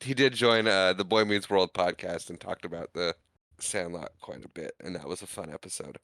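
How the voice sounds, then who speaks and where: A man with a low, bright, crisp voice chats through a movie recap, laughing easily as he retells the scenes. His voice is close and dry, with no room sound around it. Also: steady tone, normal speed, no echo. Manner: laughs often, retells scenes with quoted lines. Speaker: podcast co-host. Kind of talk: casual movie recap chat.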